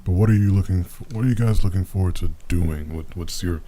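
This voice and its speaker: A man hosting a casual podcast, relaxed and joking as he puts questions to his friends. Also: deep voice, fast talker, a little hiss or hum. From Texas. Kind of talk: casual chat.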